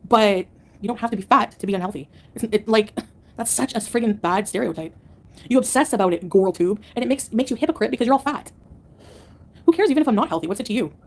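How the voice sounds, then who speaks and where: A woman's voice: fairly high pitch, animated, fast talker, a little mellow. A woman livestreamer answering her chat in a combative, sarcastic rant. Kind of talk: live-stream rant to chat.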